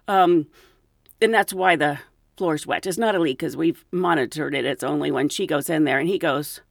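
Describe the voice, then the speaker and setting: A woman's voice: lowish voice, normal speed, creaky, dry recording, studio quality. A middle-aged woman, a flight attendant, telling stories in a casual chat and acting out the people she quotes. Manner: animated, acts out quoted voices.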